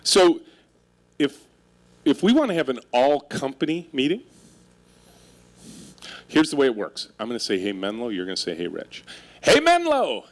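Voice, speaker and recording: A middle-aged keynote speaker and company leader, medium-pitched and moderately paced, pauses often as he tells humorous stories on stage. His humor is wry and self-mocking, and he pulls the live audience in with questions.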